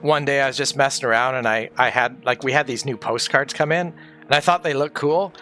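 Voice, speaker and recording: A man's voice: mid-range voice, fairly quick, sharp tone, faint music behind. A man streaming from home, grieving, talking candidly in a rambling, sweary way. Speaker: livestreamer. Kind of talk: casual livestream chat.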